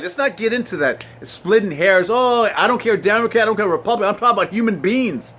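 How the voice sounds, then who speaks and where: A man's voice: fairly high pitch, fairly bright tone. A man giving an inspirational vlog monologue from his computer, earnest and emotional, often trailing off and restarting his sentences. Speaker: vlogger.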